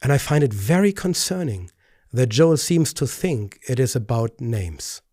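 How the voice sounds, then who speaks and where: A man, a pastor hosting a commentary video, speaking earnestly with stammered restarts and rising pitch when indignant. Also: very animated, unhurried, warm tone, dry recording, studio quality. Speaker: pastor and host. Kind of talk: video commentary responding to clips.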